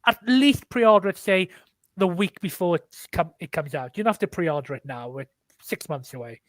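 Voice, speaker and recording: Welsh male guest, high-pitched and dry-recorded, candid and rambling. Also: lively intonation, normal speed, no room sound. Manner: candid, many restarts and repeats. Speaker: guest author. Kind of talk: casual video chat.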